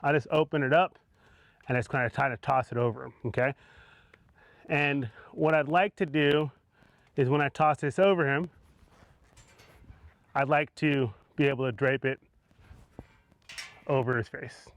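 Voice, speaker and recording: A man, a horse trainer, explaining what he is doing as he works a horse with a rope, calm and coaxing, with soft words of praise between steps. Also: medium pitch, moderate pace, pauses often, no room sound. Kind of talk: instructional demonstration.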